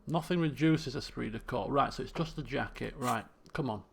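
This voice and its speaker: A man commenting as he plays a game, animated, laughing and muttering to himself as he thinks. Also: medium pitch, moderate pace, vocal fry, husky. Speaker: let's play host. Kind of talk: gameplay commentary.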